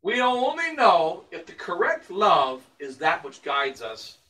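A priestly-sounding man in a church delivers an emphatic sermon slowly, his high, bright voice swinging hugely in pitch and picked up far from the mic. He asks rhetorical questions, answers them, and repeats phrases to drive points home.

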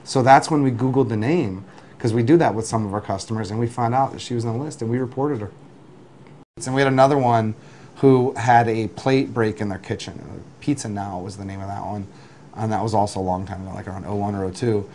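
A man who runs a delivery business, telling lively work anecdotes in an interview, with restarts and acted-out quotes. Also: on the low side, brisk, slight background noise. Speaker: food delivery business owner. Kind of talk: interview storytelling.

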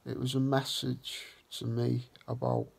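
A man hosting a vlog, talking slowly and earnestly in a reflective way. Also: medium pitch, monotone, gravelly, darkish tone, husky. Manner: slow, earnest and heartfelt. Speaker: vlog host.

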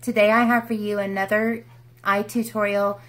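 A woman's voice: medium pitch, little pitch movement, moderate pace, a bit bright. A woman chatting through a makeup tutorial in her room at home, in a bubbly, rambling way. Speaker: beauty vlogger. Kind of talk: casual makeup tutorial chat.

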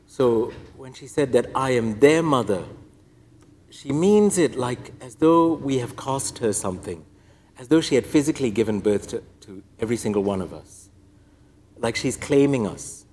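A man's voice: mid-range voice, darkish tone. A priest giving a personal testimony talk, telling his story with wry, self-deprecating humor. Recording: echoey hall reverb.

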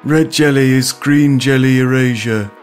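A man voicing an old man in a future rest home who drones internet slang in a flat, nasal way. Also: mid-range voice, measured pace, soft background music, lightly acted. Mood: enthusiastic.

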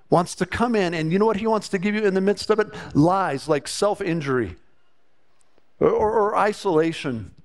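A man preaching a sermon to his church congregation. He speaks earnestly and often repeats a word as he starts a thought. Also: high voice. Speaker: pastor.

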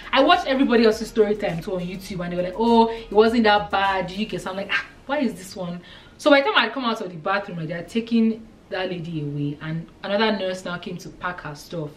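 Animated Nigerian woman telling a story. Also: mid-range voice, fast talker, distant mic. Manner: animated storytelling, acting out dialogue. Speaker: vlogger. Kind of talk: storytime vlog.

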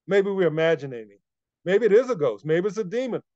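A preacher doing a doubtful, questioning Peter. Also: male voice, sits high, lively intonation, a little fast, a little mellow, no echo, dull audio. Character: doubtful male disciple Peter testing Jesus.

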